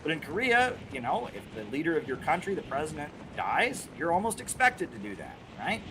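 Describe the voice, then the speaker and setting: A man's voice: a little high, sing-song, a little fast, noisy background. Rambling male streamer, casual chat. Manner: rambling, restarts, frequent "right?" and "you know". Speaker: streamer answering viewer questions.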